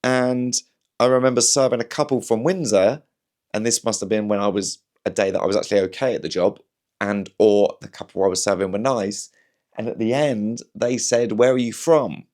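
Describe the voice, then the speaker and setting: A young comedian from southern England with a Berkshire accent, talking in a casual, rambling way. His voice sits a little low, and he makes self-deprecating asides. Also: steady tone, moderate pace, a little mellow. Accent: southern English, Berkshire. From Slough, England. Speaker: comedian host. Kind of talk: casual storytelling chat.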